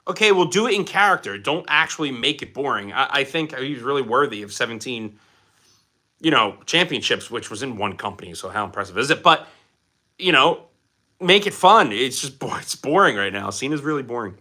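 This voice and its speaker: A man's voice: medium pitch, lively intonation, a little fast, sharp tone. A young man from Philadelphia chatting casually on a live stream, reading viewer questions aloud and answering them. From Philadelphia, USA.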